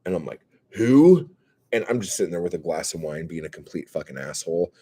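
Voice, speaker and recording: A man casually telling a profane, self-mocking story on a live stream, swinging between loud outbursts and mumbles. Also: rumbling low, quick pace, slightly rough. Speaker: comedian hosting a live stream.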